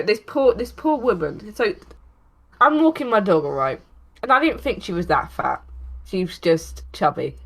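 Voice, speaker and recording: Woman, low-ish voice, teasing, casual podcast storytelling. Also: fairly bright tone. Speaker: podcast co-host. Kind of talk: casual chat.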